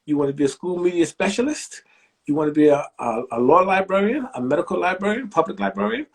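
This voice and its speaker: Here the sixty-something library director is a fast talker with a gravelly, husky voice. Telling stories in an interview, he animates every quote, impersonating the speakers through dramatic pitch jumps.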